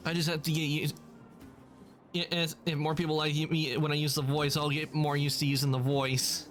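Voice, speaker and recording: A man's voice: fairly high pitch, level tone, normal speed, soft background music. A man livestreaming and chatting casually with viewers, rambling and correcting himself.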